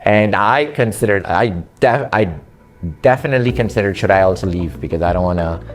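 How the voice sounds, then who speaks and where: A man with an accent telling his story to a coach in an earnest, halting conversational way, with frequent fillers. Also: on the low side, soft background music. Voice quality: speaks with an accent. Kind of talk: casual conversation.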